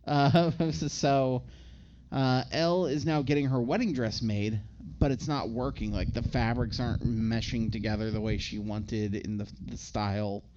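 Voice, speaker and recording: A man's voice: mid-range voice, steady tone, a little slow, darkish tone, lo-fi sound, slight background noise. A man co-hosting a podcast, recapping a movie in a rambling casual chat with frequent laughs. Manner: rambling, laughs often, slips into impressions.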